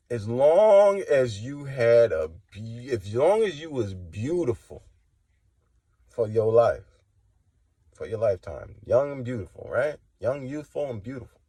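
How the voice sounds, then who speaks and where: A man giving impassioned spoken testimony, preachy and confrontational, swinging from low and quiet to loud and high. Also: husky, no echo. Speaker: religious testimony vlogger.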